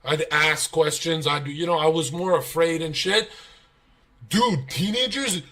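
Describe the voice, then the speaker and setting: Bright, higher-voiced young man. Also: unhurried. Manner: profane, animated storytelling, laughs, acts out quotes. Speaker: streamer guest. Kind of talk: casual livestream chat.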